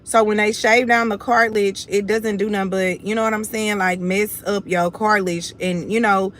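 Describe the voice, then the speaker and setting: On her own livestream, a confident young woman with a Southern Houston accent speaks bluntly and casually, calling her viewers y'all; she comes from Houston, Texas. Her medium-pitched voice has fairly even intonation, a moderate pace, and a fairly bright tone, with a little hiss or hum.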